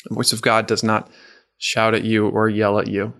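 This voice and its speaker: A man coaching a men's group in a faith talk, earnest and gentle, reading out the men's answers and slowing down for the words he quotes. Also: fairly low pitch, completely flat delivery, gravelly.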